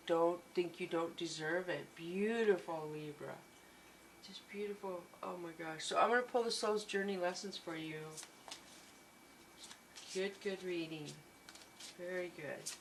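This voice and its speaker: Woman doing a tarot reading, kinda low voice, super reassuring and gushy. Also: measured pace, slight background noise, rough recording. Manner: gushing and reassuring, repeats encouragements. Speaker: tarot reader.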